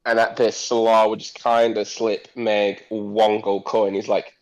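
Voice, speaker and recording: A man's voice: fairly low pitch, flat delivery, unhurried, hardly any pauses, muffled recording. A man playing a tabletop game, narrating his character's actions in a rambling way. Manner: rambling, with many fillers. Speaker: player. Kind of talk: tabletop role-play narration.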